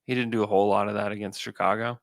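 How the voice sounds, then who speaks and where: A man co-hosting a basketball podcast, talking in a relaxed way and thinking aloud with fillers and restarts. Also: lowish voice, racing, creaky, no room sound. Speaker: podcast co-host. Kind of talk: casual basketball chat.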